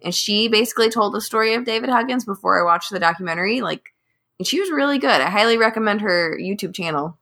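Animated woman telling a strange story. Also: mid-range voice, fast. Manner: animated storytelling, acts out quotes with laughs. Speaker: podcast co-host telling the story. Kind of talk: casual storytelling chat.

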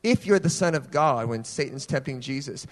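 A young adult man preaching a sermon, telling personal stories in a casual, animated way. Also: medium pitch, normal speed. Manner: animated storytelling, casual phrasing. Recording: long hall reverb.

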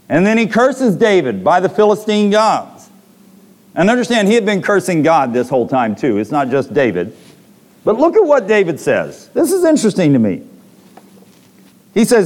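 A man's voice: high voice, huge pitch swings, moderate pace, a little mellow. A man preaching a sermon to a congregation, reading scripture and retelling stories with dramatic voiced quotes.

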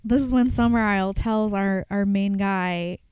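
Woman co-host, mid-pitched, smooth and clear, close and dry, talky plot recapper. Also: unhurried, a little mellow, no room sound. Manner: chatty, retells plots in detail. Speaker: podcast co-host. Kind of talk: casual chat.

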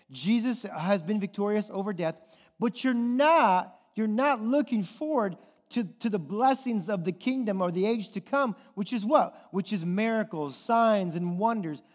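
A pastor preaches a sermon in a church hall, his high voice animated at a normal speed. He fires question after question at the congregation, checking in with "okay?" and "right?", and the hall gives a long reverb.

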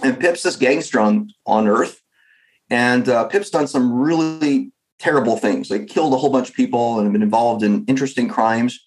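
A man telling a story in casual chat, animated, with frequent fillers. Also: mid-range voice, normal speed, low-quality recording.

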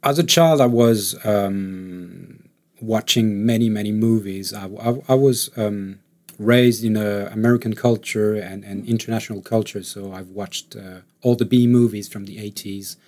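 A man's voice: lowish voice, measured pace. Give me a man chatting in an interview. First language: French. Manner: relaxed, laughs often, many fillers and restarts. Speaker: actor, interview guest. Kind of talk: casual interview chat.

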